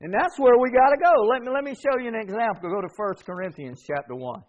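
High-voiced emphatic male preacher. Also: lively intonation, fast talker, muffled recording. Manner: call-and-response with congregation, emphatic repetition. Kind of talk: sermon.

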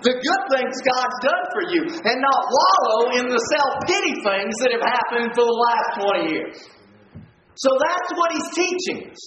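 A man's voice: big pitch swings, moderate pace, pushed and bright, lo-fi sound, a little hiss or hum. A man preaching a sermon, emphatic, often repeating his points and asking "all right?" to his listeners. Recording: echoey distant low-fi room recording.

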